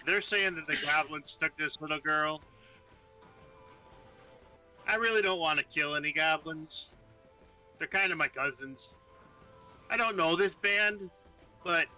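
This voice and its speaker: A man's voice: a little high, bright, forceful tone, exaggerated voice, rough recording. A man voicing an adventurer raised among goblins who talks in an earnest, coaxing way.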